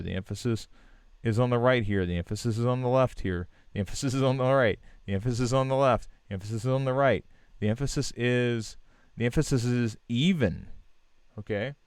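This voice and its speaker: A man with a smooth, clear voice talks through design feedback on a live stream, loose and encouraging, full of "um"s and restarts. The sound is dry and close to the mic. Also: medium pitch, no echo. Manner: relaxed, many fillers and restarts, encouraging. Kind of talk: casual live-stream critique.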